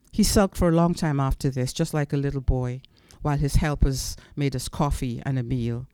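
Man reading literary prose at a club event, slow deliberate delivery, smooth voice, dry sound. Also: mid-range voice, warm tone, dry recording. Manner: measured and deliberate, with pointed pauses. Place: club venue.

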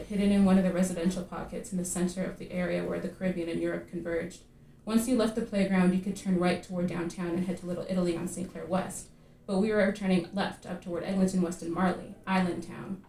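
A woman reading her own fiction aloud at a live literary reading, measured and vivid in her storytelling. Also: fairly low pitch, fairly even intonation, mellow, recorded from a distance, slight background noise. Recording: echoey room at a live reading.

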